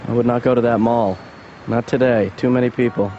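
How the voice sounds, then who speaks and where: A man voicing a lazy young adult son who talks in a mumbling, deadpan ramble. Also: medium pitch, brisk, a little hiss or hum, close to an everyday voice. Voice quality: gravelly. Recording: dull lo-fi sound, dry.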